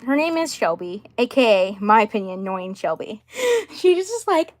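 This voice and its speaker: A woman with a somewhat high voice chats casually as she shows off her doll collection. She rambles along with plenty of fillers and keeps clearing her throat. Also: very animated, moderate pace. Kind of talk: casual chat showing dolls.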